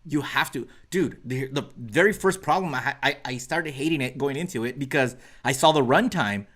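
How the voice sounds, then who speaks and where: A man's voice: medium pitch, normal speed. A man co-hosting a podcast, chatting casually and slipping into playful mock voices as he tells a story. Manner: animated, slips into mock voices when retelling. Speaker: podcast co-host. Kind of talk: casual chat.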